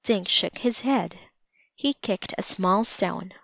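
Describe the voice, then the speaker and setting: A woman narrating a children's storybook aloud in a calm, measured way. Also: medium pitch, vocal fry, dry recording. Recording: slightly dull lo-fi recording.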